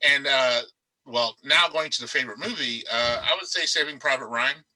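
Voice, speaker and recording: A man speaking on an authors' panel over a video call. His voice is very bright and sharp, and his delivery is animated and emphatic. He rambles a little and restarts his sentences as he goes. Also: medium pitch, normal speed, poor audio. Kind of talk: casual panel discussion. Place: darkened room.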